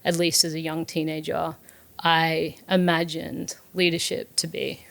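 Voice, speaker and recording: This is a young woman speaking in a low register with a gravelly, creaky edge. She talks openly and earnestly as an interview guest, recalling a formative story with fillers and restarts along the way. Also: flat delivery, measured pace, fairly bright tone. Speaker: guest, startup founder.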